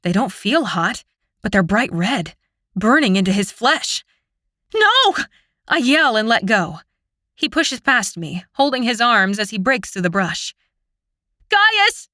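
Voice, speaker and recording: A woman reads a fantasy audiobook in the first person with expressive, dramatic delivery. Her tone is bright and forceful, and the recording is close and completely dry, with no room sound. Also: fairly high pitch, dry recording. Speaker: audiobook narrator.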